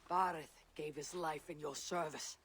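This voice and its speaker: A blunt Viking leader. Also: male voice, fairly high pitch, steady tone, normal speed, fairly bright tone, husky. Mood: firm. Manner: firm, blunt.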